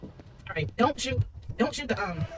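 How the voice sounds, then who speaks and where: A woman's voice: on the high side, expressive, a little slow. A woman giving casual, chatty commentary while streaming a horror shooter, talking back to the game and her friends.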